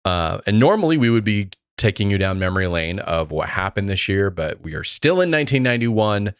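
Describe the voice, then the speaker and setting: A man's voice: lowish voice, very animated, brisk, smooth, no echo. A man co-hosting a podcast in casual chat, with dry, wry humor. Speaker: guest co-host.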